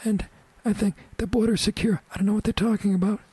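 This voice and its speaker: A man doing an impression of a meek, soft-spoken older male politician, with a thin, quiet voice that stumbles over repeated words and fillers. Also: high voice, steady tone, quick pace, breathy edge, dry recording, pitched above the performer's own voice. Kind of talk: radio impression.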